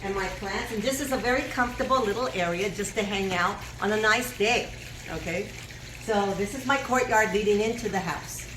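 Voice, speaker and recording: A woman's voice: medium pitch, fairly quick, background noise. A woman chatting casually to her viewers in a home vlog, filmed in her courtyard by a relative, rambling with frequent fillers. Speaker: cooking vlogger hosting a house tour. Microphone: camera held by her nephew.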